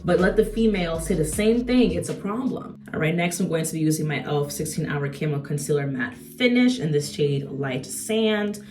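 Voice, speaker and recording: Chatty low-voiced woman with a slangy manner. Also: moderate pace, hardly any pauses, roomy sound, far from the mic, slight background noise. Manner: chatty, conversational, frequent rhetorical asides; slangy and animated. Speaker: beauty vlogger. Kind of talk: casual chat while doing makeup.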